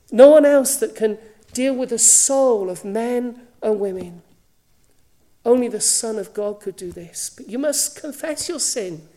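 Woman preacher, measured sermon delivery, somewhat high, mellow tone. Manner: earnest, drops to a hushed voice for quoted invitations.

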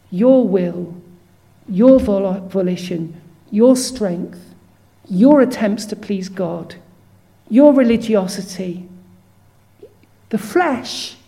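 A woman preaching a sermon in an earnest, measured way, stopping to read scripture verses aloud. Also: a little high, dark tone.

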